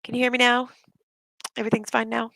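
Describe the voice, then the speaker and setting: A woman's voice: a little high, completely flat delivery, fast talker, gravelly, pushed and bright. A woman ranting bluntly and with a lot of swearing in a casual live stream, sick with covid and short of breath. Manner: blunt, profane, fired-up. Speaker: livestreamer.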